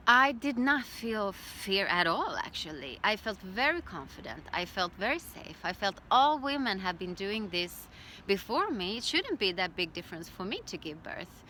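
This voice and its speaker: A middle-aged woman telling her own story as a birth educator, in a calm, reflective way. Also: medium pitch, normal speed, a little hiss or hum. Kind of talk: personal storytelling.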